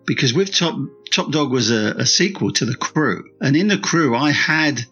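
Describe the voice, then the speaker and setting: A man's voice: mid-range voice, animated, normal speed, bright, forceful tone, husky, lo-fi sound, soft background music. A man guest author and screenwriter in a casual podcast interview, rambling with frequent restarts.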